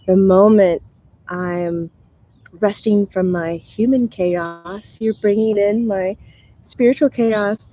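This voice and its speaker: A woman with a medium-pitched, mellow voice speaks slowly on a dull-sounding recording. She hosts a live stream as a spiritual medium, chatting casually with viewers, laughing a lot and sounding tired in her morning voice.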